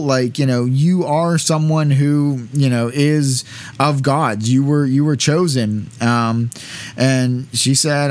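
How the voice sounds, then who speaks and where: A man's voice: medium pitch, normal speed, darkish tone, no room sound. Rambling man teaching casually. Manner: rambling, many fillers, casual asides. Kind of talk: informal lecture reading texts aloud.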